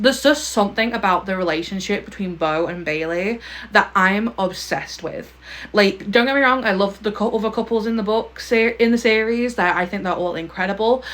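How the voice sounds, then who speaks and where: A woman's voice: mid-range voice, a bit bright. Gushing young woman book vlogger. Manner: gushing, emphatic, ends points with a pointed "okay?". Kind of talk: casual chat to camera.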